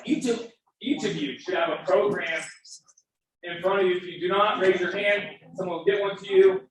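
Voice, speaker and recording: A man's voice: sits high, normal speed. A man giving a fervent, emphatic fundraising appeal to an audience at a live event. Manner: fervent, emphatic, breaks into emotion. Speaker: fundraiser speaker. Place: event hall. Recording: very echoey hall, distant, faint noise.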